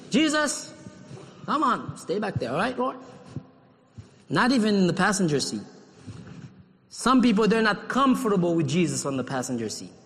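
A man from Haiti preaches with a high, ringing voice. He is animated and acts out dialogues. The long reverb of a big hall trails after each phrase. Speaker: pastor. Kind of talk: sermon.

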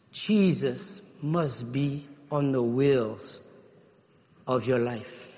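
A man from Haiti preaching a sermon, animated and acting out little dialogues as he talks. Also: fairly high pitch. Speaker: pastor. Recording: long reverb of a large hall.

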